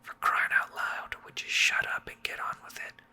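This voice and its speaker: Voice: normal speed, pushed and bright. A streamer reading a brash young woman thief's lines in whispered role-play.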